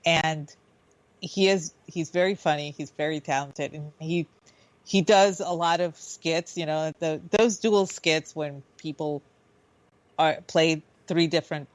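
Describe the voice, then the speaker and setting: A woman's voice: deep voice, unhurried, no room sound, low-quality recording. A woman co-hosting a radio talk show, chatting casually with frequent restarts and easy laughter. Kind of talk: casual chat.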